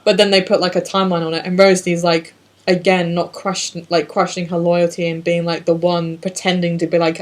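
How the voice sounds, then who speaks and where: A woman co-hosting a casual film commentary podcast, brash and profane and quick to laugh. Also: fairly low pitch, little pitch movement. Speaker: podcast co-host.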